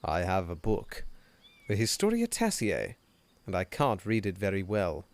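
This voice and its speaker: A man's voice: sits low, huge pitch swings, a little slow. A man streaming a game live, reading dialogue aloud with wry, playful asides. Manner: wry, playful asides between read lines.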